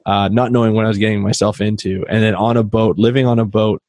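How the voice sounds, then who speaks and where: A man from Canada telling stories in casual conversation as a podcast guest, animated and acting out the dialogue he quotes. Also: lowish voice, fast, no echo. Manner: animated storyteller who acts out quoted dialogue. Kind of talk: casual storytelling chat.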